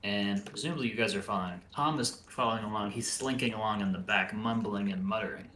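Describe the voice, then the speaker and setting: A man narrating a tabletop game as game master, with relaxed storytelling and hesitant fillers. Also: fairly low pitch, quick pace, roomy sound, a little hiss or hum.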